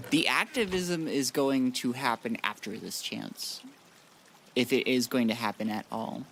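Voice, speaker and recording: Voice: mid-range voice, measured pace, a bit bright, slight background noise. A streamer from the United States chatting loosely and swearing while playing a game, answering chat as they go. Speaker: gaming streamer. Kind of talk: casual live-stream chat.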